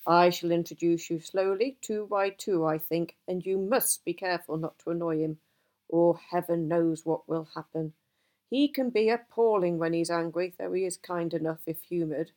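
A woman voicing an old male wizard who is gruff and easily cross, talking emphatically in a storybook reading. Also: on the low side, steady tone, moderate pace, a little mellow, natural voice. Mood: grave. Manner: emphatic, exasperated outbursts.

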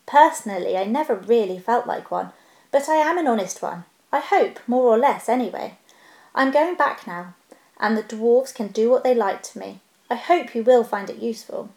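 A woman's voice: animated, moderate pace, a little mellow. Bilbo, a woman doing a fussy polite male hobbit. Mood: polite, earnest. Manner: prim businesslike courtesy, a little squeaky. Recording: roomy echo.

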